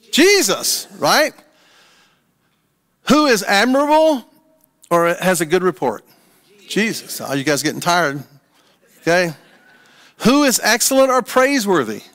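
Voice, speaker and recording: A man's voice: a little high, fairly bright tone, long reverb tail. An older man preaching a casual, playful sermon as pastor, leading call-and-response with his congregation. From USA. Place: church sanctuary.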